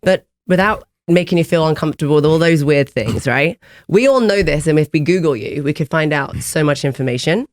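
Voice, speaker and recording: A woman's voice: low-pitched, fairly quick, darkish tone, no echo, studio quality. Chatty English woman hosting a podcast. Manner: chatty, upbeat and talkative. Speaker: host. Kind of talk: casual podcast chat. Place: gym facility.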